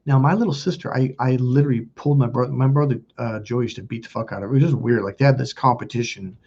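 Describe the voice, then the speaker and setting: Husky man, warm low timbre, blunt profane storytelling, dull lo-fi recording. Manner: blunt and profane, quick asides. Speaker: self-help video host. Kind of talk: casual confessional storytelling.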